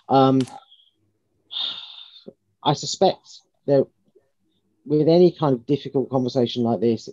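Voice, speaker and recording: A man's voice: lowish voice, warm tone, no room sound. A man answering a council committee's questions candidly over a video call, often repeating and correcting himself. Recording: dull lo-fi video call audio.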